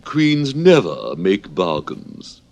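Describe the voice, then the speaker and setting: A man reading an audiobook, voicing an imperious, scolding old queen in a shrill, emphatic manner. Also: huge pitch swings, slow pace, creaky, darkish tone, full character voice. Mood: bossy.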